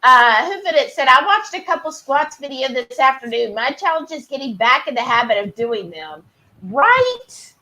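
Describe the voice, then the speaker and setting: A woman's voice: sits high, normal speed, a little hiss or hum, poor audio. A woman co-hosting a casual livestream, chatting and reading viewer comments aloud. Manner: reads chat messages aloud, chatty and animated.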